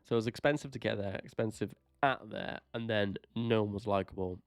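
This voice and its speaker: A man co-hosting a podcast in casual chat, chipping in quick reactions. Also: fairly low pitch, gravelly. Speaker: podcast co-host.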